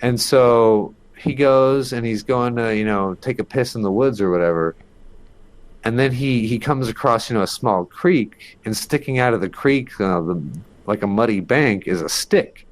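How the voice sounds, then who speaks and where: A man telling a creepy story as a podcast guest, in a rambling, casual way full of fillers and the odd swear. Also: on the low side.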